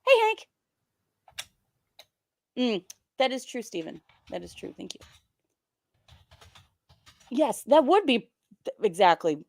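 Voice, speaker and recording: A woman's voice: on the high side, wildly swooping pitch, slow, vocal fry, pauses often, a little mellow. A woman hosting a live stream, reacting to clips and chatting with viewers in a drawling, sarcastic way. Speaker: stream host. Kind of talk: casual live-stream commentary.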